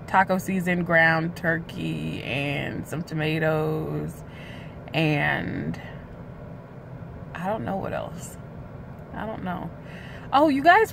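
A woman talks straight to her phone camera in a casual, candid vlog, with plenty of drawn-out filler sounds. She sits in a parked car, and faint traffic noise drifts in behind her. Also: fairly low pitch, creaky, fairly bright tone. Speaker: weight-loss vlogger. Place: parked car outside a hospital.

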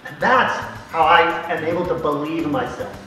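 A man's voice: on the high side, brisk. A male mental toughness trainer telling a team a story, acting out the dialogue as he goes. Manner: animated, acts out conversations in quotes. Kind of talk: motivational storytelling to a sports team. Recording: echoey distant recording with music behind.

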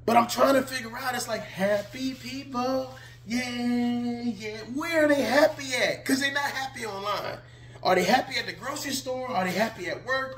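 Very high-voiced man, roomy echo. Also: fairly bright tone. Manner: emphatic rhetorical questions, frequent laughter. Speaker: online commentator. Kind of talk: casual video monologue.

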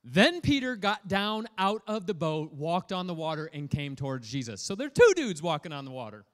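Male pastor, energetic and playful sermon delivery, high voice with a wide, bouncing pitch. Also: brisk. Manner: energetic, playful, prods the audience for feedback.

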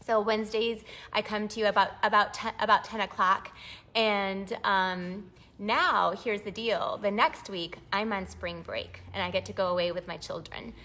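A woman's voice: mid-range voice, steady tone, normal speed, sharp tone. A middle-aged woman, chatty and bubbly, leading a live-streamed papercraft demonstration from her home craft space.

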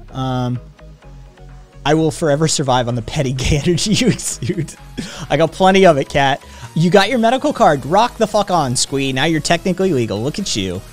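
A man streaming live from home, chatting with viewers in a profane, ranting way. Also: a little high. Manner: profane, ranting, talks to chat. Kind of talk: casual live-stream chat.

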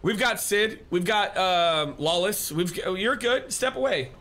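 A man's voice: sits high, a little slow, bright, forceful tone. A man live-streaming, chatting casually and rambling as he answers viewers and thanks them. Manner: rambling, restarts often, reads chat aloud.

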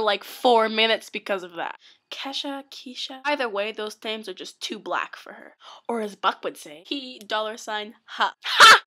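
A teenage girl rambles giddily from one random thought to the next, talking into a laptop webcam. Her voice is bright and forward, sitting at a middling pitch for a woman, and she sounds like she's chatting at home in her bedroom. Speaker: vlogger. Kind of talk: casual vlog chat.

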